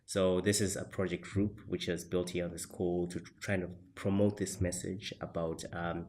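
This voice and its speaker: A young man with a very deep voice hosts a student interview. He keeps his phrasing polite and formal as he asks questions and closes the talk. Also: little pitch movement, moderate pace, darkish tone. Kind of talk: hosting an interview.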